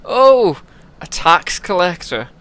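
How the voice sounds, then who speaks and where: A man's voice: high-pitched, sing-song, slow pace, fairly bright tone, clear, resonant tone, voice pushed up, full character voice. A man voicing a haughty, sarcastic young human prince in a put-on English accent for a game narration.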